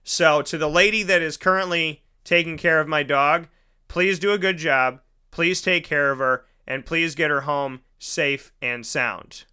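Bright, clear-voiced young man storytelling. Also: on the high side, measured pace. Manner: rambling, animated, mimics people in stories. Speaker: podcast host. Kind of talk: casual storytelling monologue.

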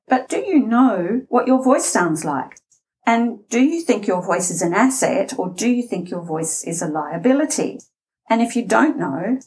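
A middle-aged Australian woman, a voice and interview coach, explaining speech habits in a deliberate way, with a slightly scratchy voice and shifts in pace and loudness for emphasis. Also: medium pitch. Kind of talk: instructional talk.

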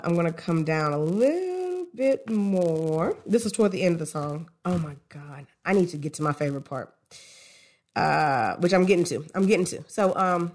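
A woman's voice: medium pitch, darkish tone. A woman hosting her own show, talking through a song's meaning in casual, candid commentary. She swears freely, speaks emphatically, and often restarts mid-thought to question herself. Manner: reflective, with restarts and self-questioning. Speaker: host analyzing a song.

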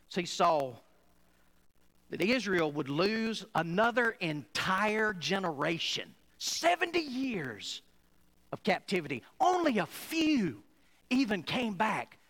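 A man preaching a sermon to a church, emphatic, swinging between loud and quiet passages. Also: sits high, sing-song, slow, rough recording. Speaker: pastor.

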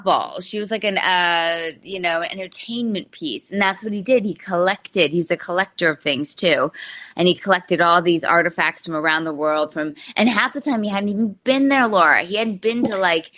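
A woman author chats as a guest on a podcast interview, with a voice that sits on the lower side. She tells her story with animation and open amusement, in a relaxed conversational way. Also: normal speed. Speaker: novelist guest. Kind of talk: casual podcast interview chat.

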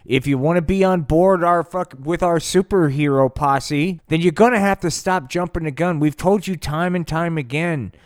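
A man's voice: fairly high pitch, normal speed, few pauses, dry recording, studio quality, close to an everyday voice. A man voicing a stern male government drug agent who lectures and scolds, in an improvised comedy bit. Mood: scolding.

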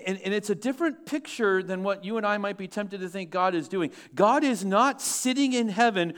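A male pastor preaching a sermon with lively swings between loud, emphatic lines and hushed, low asides. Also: moderate pace, few pauses.

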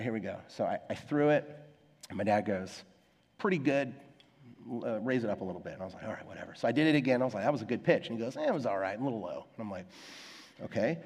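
A man's voice: medium pitch, darkish tone. A young adult male pastor preaching a conversational, self-deprecating sermon, acting out quoted voices in his stories. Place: church sanctuary. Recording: long hall reverb.

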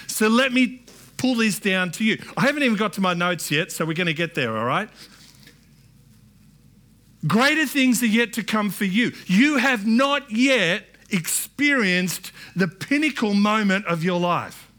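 Bright high-voiced male pastor preaching. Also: big pitch swings, a little slow. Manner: conversational preaching with many restarts and asides. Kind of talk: sermon. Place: church.

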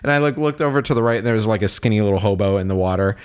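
A man's voice: fairly low pitch, racing, smooth. A young man co-hosting a casual podcast chat, telling game stories with lots of laughter and acted-out voices. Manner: animated storyteller, laughs often, acts out game characters. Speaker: podcast co-host.

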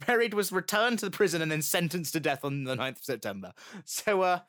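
Lively joking young man. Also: a little high, fairly quick. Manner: lively, jokey, slips into silly voices. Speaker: podcast co-host. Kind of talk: casual storytelling chat.

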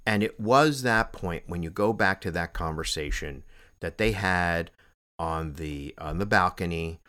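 A man co-hosting a casual film chat, talking in an animated way with many stammered restarts. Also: unhurried, clear, resonant tone. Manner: animated, stammering restarts, excitable pitch jumps. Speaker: podcast co-host.

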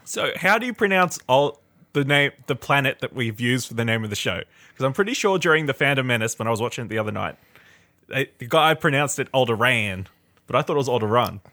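A laid-back man joins a casual podcast chat, cracking jokes with the others. His voice is bright and lively, with lots of rise and fall. The sound is dry and close, with no room echo. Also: medium pitch, fast talker. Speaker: podcast co-host.

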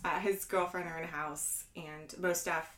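A woman's voice: lowish voice, fairly even intonation, moderate pace, a bit bright. A woman co-hosting a movie podcast, blunt and sardonic in casual chat. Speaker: podcast co-host. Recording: roomy echo.

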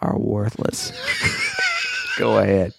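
A man's voice: mid-range voice, very animated, moderate pace, background noise. A man co-hosting a podcast, chatting casually about board games, teasing and laughing often. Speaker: podcast co-host.

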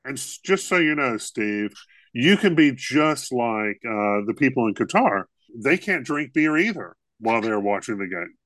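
A man's voice: medium pitch, very animated, moderate pace, a bit bright, no room sound. A man co-hosting a podcast in casual comedic chat, rambling and laughing often. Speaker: podcast co-host.

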